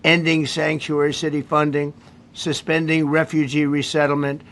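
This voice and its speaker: A male politician speaks at a press conference in a slightly raised, flat, unvaried voice. He reads off his points one after another in a declarative manner. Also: fairly high pitch, normal speed. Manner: declarative, lists items one by one.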